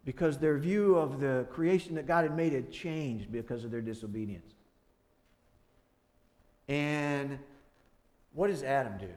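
A man preaching a sermon, voice climbing loud when he acts out prayers and dialogue, then dropping soft and low for grief. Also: animated, moderate pace, long pauses. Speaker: pastor.

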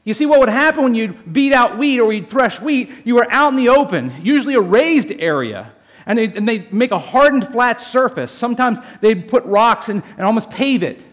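A male pastor with a fairly high voice delivers a sermon in an animated, storytelling manner. He jokes with his listeners and calls them folks as he moves through the passage. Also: normal speed. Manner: animated, jokey storytelling addressing the congregation as folks.

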